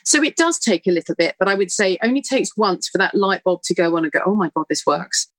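A middle-aged woman, a guest telling stories in an earnest, animated way. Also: medium pitch, fast, dry recording. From United Kingdom. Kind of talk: conversational interview answer.

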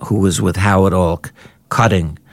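Older guy with a gravelly voice spinning animated stories, dry close mic, does little high voices for people he quotes. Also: normal speed, no echo. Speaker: author and journalist guest. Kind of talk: anecdotal storytelling in a podcast conversation.

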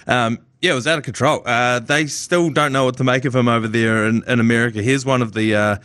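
Fast-talking New man, dry studio sound. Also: medium pitch, fairly even intonation, a bit bright, clean tone, dry recording. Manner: jokey, banters and acts out quick skits. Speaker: podcast co-host. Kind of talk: casual sports chat.

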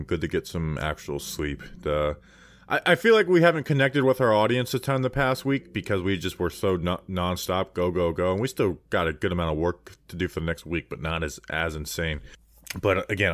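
Male podcast co-host, low voice, playful and jokey, dry booth sound. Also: expressive, moderate pace, no echo. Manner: jokey, riffs on names while reading a list. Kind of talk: casual sports podcast chat.

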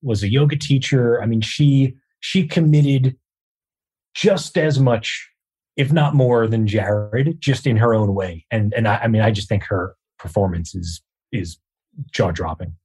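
A man, a show co-creator, telling behind-the-scenes stories in an earnest, measured way. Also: medium pitch, a little mellow, breathy edge. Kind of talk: casual interview chat.

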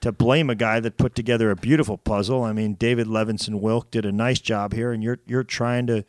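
A man's voice: fairly low pitch, steady tone, a little fast, no echo, studio quality. A man co-hosting a podcast in casual chat, rambling and teasing. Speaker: podcast co-host.

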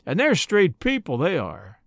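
A bitter, hopeless burglar just out of prison, voiced by a man reading the story. He talks hoarsely and doggedly, with fierce outbursts and a lively, swinging pitch. The sound is close and dry. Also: a little slow, no echo, heavily acted. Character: desperate bitter ex-convict burglar, middle-aged man.

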